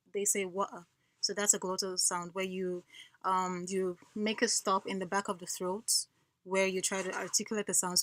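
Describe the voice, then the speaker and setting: A woman giving a student class presentation, explaining in a hesitant way with many pauses and fillers. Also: mid-range voice, fairly bright tone, no room sound.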